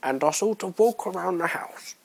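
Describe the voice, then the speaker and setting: Young man putting on a high squeaky eccentric funny-guy voice, sing-song, loud bursts, husky edge. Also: expressive, moderate pace, exaggerated voice. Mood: playful. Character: eccentric high-pitched male "funny guy" alter ego.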